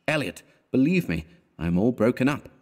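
Man playing a lovesick young painter, sad, gentle, dogged, storybook reading. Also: mid-range voice, big pitch swings, fairly quick, voice pushed up, lightly acted.

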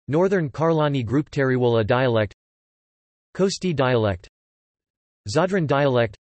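A man's text-to-speech voice reading an encyclopedia article in an even, mechanical way. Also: mid-range voice, dry recording. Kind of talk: synthetic encyclopedia narration.

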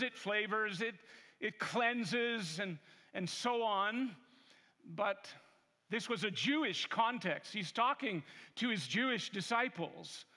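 A male pastor preaching a sermon in a church, emphatic and deliberate. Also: sits high, sharp tone. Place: large church sanctuary. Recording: long hall reverb.

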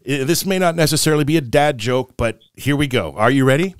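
A middle-aged man co-hosting a casual podcast, telling dad jokes in a playful, animated way. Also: medium pitch, quick pace, smooth, no room sound, studio quality. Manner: jokey, animated storyteller, acts out voices in jokes.

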